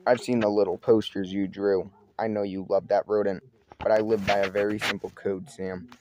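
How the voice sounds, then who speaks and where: Man voicing a menacing teenage bully, deep, flat, dark tone. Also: normal speed, noisy background, close to an everyday voice. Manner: threatening, blunt.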